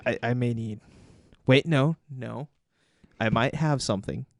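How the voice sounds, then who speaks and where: A man's voice: medium pitch, a little slow, vocal fry, no echo. A young man co-hosting a casual podcast chat, teasing in a dry, wry way. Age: young adult. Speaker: podcast co-host.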